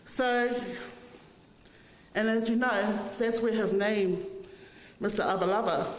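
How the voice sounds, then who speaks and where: A woman tells fond, funny family stories in a funeral eulogy. Her voice sits mid-range, and it rings with a long reverb through an echoey church hall. A faint hiss runs underneath. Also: medium pitch. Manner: fond, humorous storytelling.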